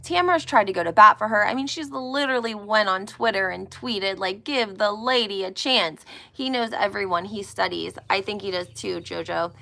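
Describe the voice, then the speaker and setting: A woman's voice: medium pitch, moderate pace, creaky, hardly any pauses, sharp tone. A woman chatting casually on a live stream about reality TV, often checking in with her viewers by asking "okay?" and "right?". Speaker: celebrity gossip vlogger.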